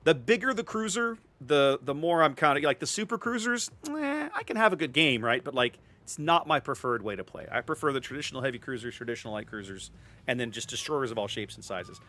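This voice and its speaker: A man's voice: mid-range voice, very animated, fairly quick, pushed and bright. A man streaming a video game, chatting casually with viewers and often repeating words as he thinks. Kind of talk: casual live-stream commentary.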